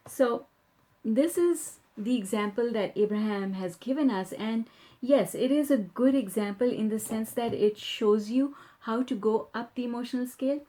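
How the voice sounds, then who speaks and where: A woman with a warm, mellow tone gives a self-help lesson. She speaks in a calm, measured and affirming way, moving between her own explanations and passages she reads aloud. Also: a little high. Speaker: self-help author and teacher. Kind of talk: spoken teaching with reading aloud.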